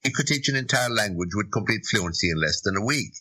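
An opinionated Irish man holding forth on a talk show, pressing his points hard. His voice sits fairly low, with a bright, slightly husky edge. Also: expressive, fast, rough recording. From Ireland. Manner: emphatic and opinionated.

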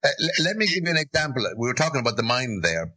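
A man's voice: medium pitch, big pitch swings, racing, pushed and bright, low-quality recording. A man with an Irish accent hosting a talk show, speaking emphatically and with strong opinions. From Ireland.

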